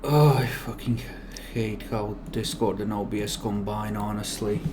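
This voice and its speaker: Laid-back low-voiced man running a game. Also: measured pace, noisy background. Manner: joking, relaxed, swears casually. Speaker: game master. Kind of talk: casual chat running a tabletop game online.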